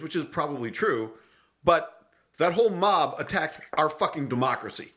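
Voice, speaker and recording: A man's voice: medium pitch, expressive, moderate pace, a bit bright. Fired-up ranting man. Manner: heated, profane, ranting. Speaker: podcast co-host. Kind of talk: casual political chat.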